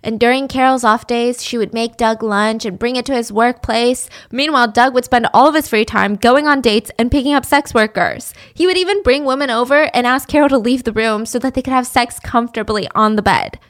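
A woman's voice: a little high, a little fast, hardly any pauses, fairly bright tone. A young woman telling a true-crime story casually, with chatty, sarcastic asides.

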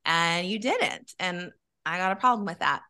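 A woman telling a long personal story in a casual chat, candid and animated, swearing freely. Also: fairly low pitch, normal speed.

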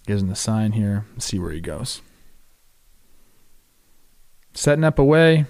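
Man, podcast host, casual baseball breakdown, excitable, chatty. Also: lowish voice. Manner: excitable, animated play-by-play with quick asides. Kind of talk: casual video breakdown commentary.

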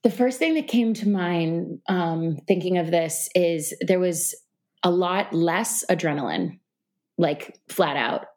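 A woman guest on a podcast, talking in a relaxed, reflective way, with lots of fillers. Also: on the low side, takes it slowly. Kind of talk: casual interview conversation. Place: New York City.

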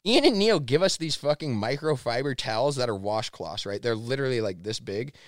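A man's voice: mid-range voice, brisk, no room sound, studio quality. A man telling a wild story as a podcast guest, swearing constantly and acting out what people said. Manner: animated, swears constantly, acts out quotes. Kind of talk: casual storytelling interview.

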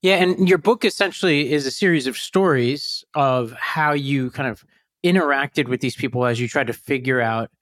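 Man hosting, framing questions calmly. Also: mid-range voice, no room sound. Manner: measured, explanatory, sets up questions with framing. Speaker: podcast host. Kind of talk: interview questions.

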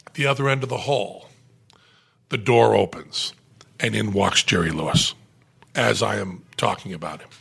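A middle-aged man spins a long anecdote with a gravelly, husky voice, swinging his pitch widely as he goes. His delivery is profane and self-mocking. He is recorded as a podcast guest on a studio mic in a club room. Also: a bit bright. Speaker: guest storyteller. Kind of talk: casual anecdote telling.

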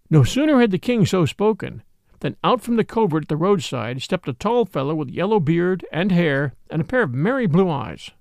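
A man narrating a storybook as an audiobook reader, in an expressive, measured way on a close studio mic. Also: on the high side, vocal fry, no room sound.

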